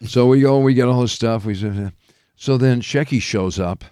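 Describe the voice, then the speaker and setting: A man's voice: mid-range voice, normal speed, warm tone, smooth, no room sound, studio quality. A man who hosts a radio morning show, chatting as a guest and telling long anecdotes full of fillers, restarts and laughter. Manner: rambling storyteller with frequent fillers and laughs. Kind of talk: casual anecdotal chat.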